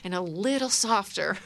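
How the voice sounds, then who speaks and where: A woman leading a group through guided laughter exercises, playful and encouraging, breaking into loud laughter. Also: fairly low pitch, no room sound. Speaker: laughter yoga leader.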